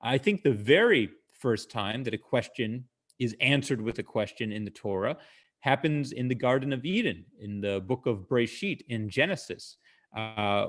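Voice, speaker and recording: A man's voice: mid-range voice, a bit bright. A male comedian casually telling jokes and stories over a video call, with frequent fillers, stopping to explain his punchlines.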